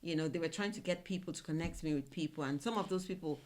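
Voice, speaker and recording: A woman's voice: low-pitched, fast talker, a little mellow. A woman from Nigeria, co-hosting a podcast, speaks in fervent, encouraging, faith-filled casual talk. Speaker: podcast co-host. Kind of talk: casual chat.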